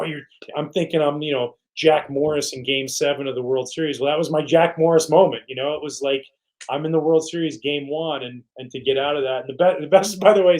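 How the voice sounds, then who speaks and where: A man's voice: mid-range voice, rough recording. Middle-aged male guest, casual storyteller, mid-range voice, acts out the quotes. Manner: animated, quotes teammates in voices. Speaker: guest, retired pitcher.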